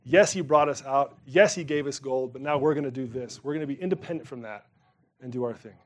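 A man preaching a sermon to his congregation in a conversational way, turning emphatic on some phrases and dropping quiet on others. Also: medium pitch, a little fast. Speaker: pastor.

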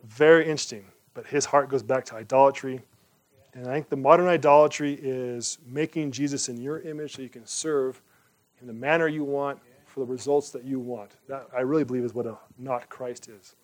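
Man, pastor, sermon and prayer, earnest, conversational, rhetorical questions. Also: medium pitch.

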